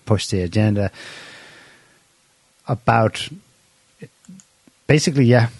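A man's voice: lowish voice, slow pace, a little mellow, husky, no echo. A man hosting a casual political chat, wry and sarcastic, laughing at his own points. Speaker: podcast host.

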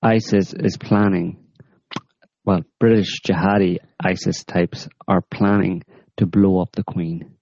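A man with a very low voice hosts a current-affairs podcast with deadpan sarcasm. He rambles, padding his talk with ums and uhs. The recording is dry and somewhat muffled. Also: unhurried, gravelly, no room sound. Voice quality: rambling, deadpan with many fillers. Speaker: podcast host.

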